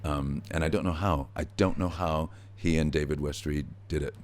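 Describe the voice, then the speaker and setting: A middle-aged actor, a guest in an interview, telling stories in a relaxed way with easy laughs, recorded backstage at a theatre. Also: male voice, very deep voice, moderate pace. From United States. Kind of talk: conversational interview.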